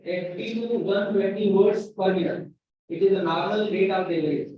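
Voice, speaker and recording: A man with an Indian English accent giving a classroom lecture at a university, speaking slowly and repeating key words for emphasis. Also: sits high, steady tone. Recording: very echoey, distant, dull lo-fi sound.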